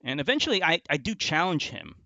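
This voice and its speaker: Very animated and quick, this man's voice is fairly high, bright, and forceful, recorded with no room sound and the highs cut off. As a commentary video host he tears into an online argument with contempt and insults, often breaking off and restarting.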